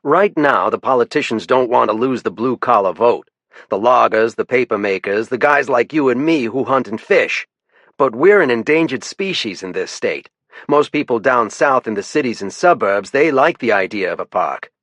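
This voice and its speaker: A man plays a cynical, older warden with a wry mood. His medium-pitched voice has lively intonation, a moderate pace, and a fairly bright tone, with no room sound.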